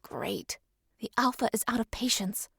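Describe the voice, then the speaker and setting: A woman's voice: on the high side, big pitch swings, gravelly, pushed and bright, husky, no echo, full character voice. Woman doing a sarcastic exasperated male ally. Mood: dry. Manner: dry, brisk, exasperated. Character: impatient sarcastic young male court member.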